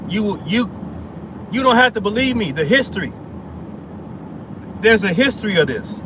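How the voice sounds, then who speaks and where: A man's voice: high-pitched, sing-song, normal speed, noisy background. A man telling a heated story in a casual rant, stammering and repeating himself. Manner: heated, repetitive, restarts and stammers. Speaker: vlogger.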